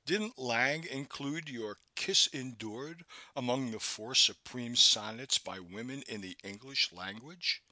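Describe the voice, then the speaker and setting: A man's voice: mid-range voice, slow pace, few pauses, bright, forceful tone, dry recording. A man reading an audiobook, voicing a proud, bookish literary critic who speaks in a formal, academic manner.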